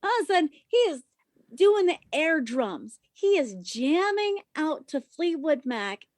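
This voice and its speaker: A young adult woman, a podcast guest, telling a story casually in an animated, profane way, loud when she quotes herself. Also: sits high, unhurried, no room sound, clean studio sound. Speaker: podcast guest, former stripper.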